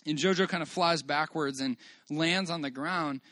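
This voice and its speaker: A man's voice: on the high side, bright, forceful tone, dry recording. Earnest man sharing a church testimony. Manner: earnest, halting storytelling with praise to God. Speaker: father giving a church testimony. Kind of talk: personal testimony to a congregation. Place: church meeting room.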